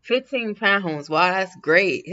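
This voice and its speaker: A woman's voice: lowish voice, animated, slow pace, pushed and bright. Lady chatting on her livestream, kinda rambly, laughing, muffled lo-fi audio. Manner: rambling, frequent laughs and restarts. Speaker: livestream host. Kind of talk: casual livestream chat. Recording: dull lo-fi sound.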